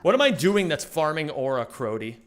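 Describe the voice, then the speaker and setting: A man's voice: a little high, sing-song, normal speed, clean tone, soft background music. A young man live-streaming a game, chatting casually and rambling, swearing often and reading chat aloud.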